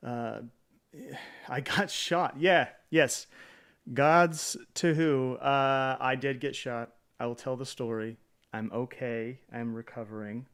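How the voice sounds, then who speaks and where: A man's voice: mid-range voice, steady tone, slow, a bit bright, clean tone. A man streaming live in a casual chat, greeting viewers by name, rambling with hesitant fillers and self-deprecating jokes.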